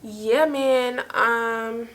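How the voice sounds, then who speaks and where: A young woman vlogger telling a story in casual, slangy speech, lively and quick to laugh. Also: on the high side. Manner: animated, slangy, laughing as she tells it.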